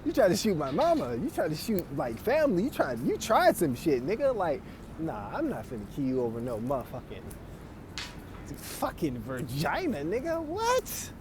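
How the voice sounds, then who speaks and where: A man's voice: on the high side, huge pitch swings, normal speed, noisy background. A man telling stories in casual, profane chat, laughing often. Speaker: podcast host.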